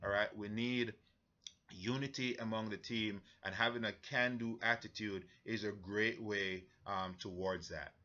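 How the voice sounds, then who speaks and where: A man with a Jamaican accent, leading a church mission-trip briefing in an earnest, halting way with many fillers. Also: fairly low pitch, fairly even intonation, sharp tone, lo-fi sound.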